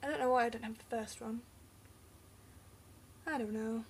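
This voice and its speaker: A woman's voice: a little high, fairly even intonation, normal speed, slight background noise. A young English woman talking casually through her bookcase, rambling and unsure, often trailing off into mumbles. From England. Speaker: book vlogger.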